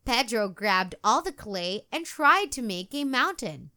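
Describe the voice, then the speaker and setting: A woman reading a children's book aloud in a gentle, expressive storytelling manner. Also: on the high side, measured pace. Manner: gentle, expressive, sing-song.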